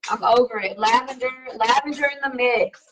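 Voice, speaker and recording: A woman's voice: fairly high pitch, normal speed, fairly bright tone, far from the mic, poor audio. A woman hosting a casual live-stream talk show, reading viewer comments and talking in an emphatic, slangy, sassy way. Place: home live stream over wireless connection.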